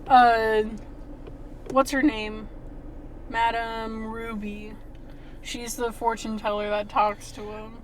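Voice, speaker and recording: High-voiced chatty woman podcaster. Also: slow pace, long pauses, a little hiss or hum. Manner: chatty, animated, lots of "like" fillers. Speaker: podcast co-host. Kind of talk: casual movie review chat.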